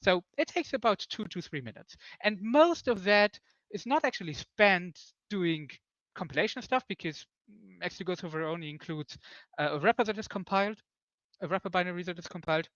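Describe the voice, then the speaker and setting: A man with a fairly high voice talks through build servers in a halting way, full of "um"s and restarts. His voice sounds dry, with no room around it, and the call audio is dull and lo-fi. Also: expressive, fairly bright tone, no room sound. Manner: hesitant, many fillers and restarts. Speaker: developer on a conference call. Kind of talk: technical discussion.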